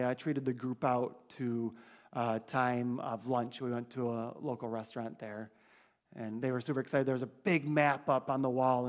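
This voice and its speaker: Male trip leader, chatty and casual, telling a church crowd about the trip. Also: mid-range voice. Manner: chatty, animated when quoting others. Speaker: mission trip leader giving a church report. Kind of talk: casual storytelling to a congregation.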